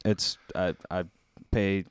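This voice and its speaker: A man's voice: low-pitched, flat delivery, slow, clean tone, no room sound. Laid-back stoned podcast host, man. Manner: loose and rambling, full of fillers. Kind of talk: casual chat. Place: room at home overlooking the city. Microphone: studio mic with headphones.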